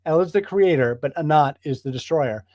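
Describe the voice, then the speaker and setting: Man, study group leader, casual lecture, enthusiastic and emphatic, slightly high voice, dry close sound. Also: animated, fairly quick, darkish tone, no echo. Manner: enthusiastic, emphatic, builds with repeated phrases.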